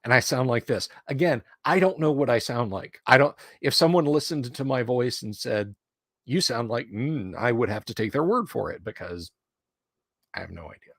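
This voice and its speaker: A man's voice: medium pitch, animated, no room sound, clean studio sound. Man rambling on a casual stream. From Alabama, US South. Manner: rambling and conversational, with frequent pauses and restarts. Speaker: streamer host. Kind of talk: casual livestream chat. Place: home studio room.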